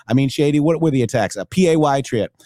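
A man co-hosts a live-streamed talk show in a relaxed, rambling way, reading out viewer comments as he goes. His voice sits at an ordinary pitch. The sound is dry and close to the mic. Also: fast, dry recording. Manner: loose, rambling, reads viewer comments aloud.

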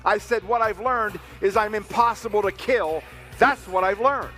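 A man telling a personal story to a crowd in a motivational speech, growing fiery and shouting by the end. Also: high-pitched, moderate pace, in a large hall, soft background music. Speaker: speaker at a rally.

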